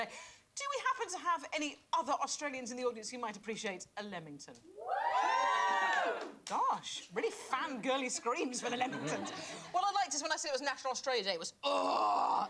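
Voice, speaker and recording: A woman's voice: sits high, big pitch swings. A woman co-hosting a chat show, joking and self-mocking with guests and a studio audience. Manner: self-mocking, playful, quick jokes. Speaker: co-host of a daytime chat show. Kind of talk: comic banter and audience chat. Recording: audience and crowd noise behind.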